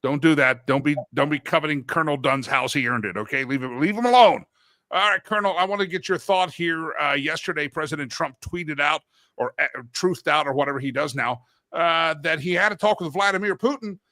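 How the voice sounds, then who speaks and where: A middle-aged man delivers a casual talk show monologue, rambling through personal anecdotes and often correcting himself mid-sentence. His voice is on the high side, fairly quick, pushed and bright, recorded at studio quality with no echo.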